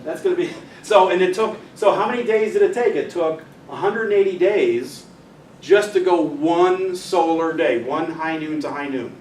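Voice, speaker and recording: A man's voice: a little high, moderate pace, a little mellow. Chatty male teacher in an echoey room. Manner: chatty, directs helpers, jokes with the audience. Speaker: physics teacher giving a club talk. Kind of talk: informal astronomy lecture with a live demonstration. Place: meeting room with an audience. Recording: echoey room, mic far off, faint noise.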